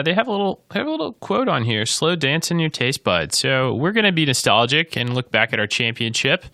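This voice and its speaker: A man's voice: medium pitch, bright, forceful tone, no room sound, clean studio sound. A man co-hosting a casual podcast chat, rambling and joking with many restarts. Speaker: podcast co-host.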